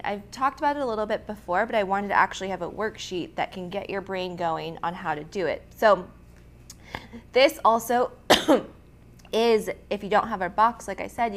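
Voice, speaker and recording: A young woman hosting a casual art lettering tutorial, chatty and quick to laugh, with frequent ums and restarts. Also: mid-range voice. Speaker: art instructor and host.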